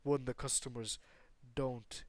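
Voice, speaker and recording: A man's voice: medium pitch, fairly even intonation, unhurried, a little mellow, dry recording. A young man improvising a fan story, rambling with constant fillers, restarts and casual swearing.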